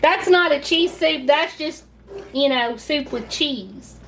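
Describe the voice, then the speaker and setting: A woman's voice: high-pitched, slow, creaky, background noise. A Southern woman hosting a casual home cooking video, chatty and gushing as she talks viewers through the steps. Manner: chatty and gushing, says y'all a lot. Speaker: cooking channel host.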